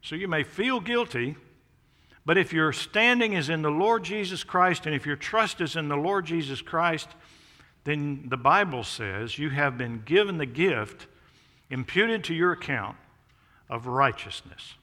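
A man preaching a sermon as pastor of a church, emphatic, swelling loud on key phrases and dropping low on others. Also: expressive, measured pace, in a large hall. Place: church sanctuary.

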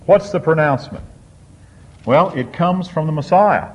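A man preaching a sermon on a psalm, reading scripture slowly and drawing out key words with emphatic swings. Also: fairly high pitch, lively intonation. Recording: dull lo-fi sound.

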